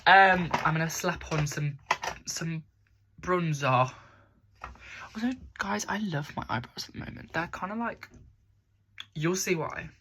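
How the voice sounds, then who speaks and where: A woman's voice: low voice, measured pace, pauses often, fairly bright tone, slight background noise. A young woman, chatting casually through a makeup tutorial in her bedroom, rambling and poking fun at herself. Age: young adult. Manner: rambling, chatty, self-mocking. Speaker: makeup vlogger.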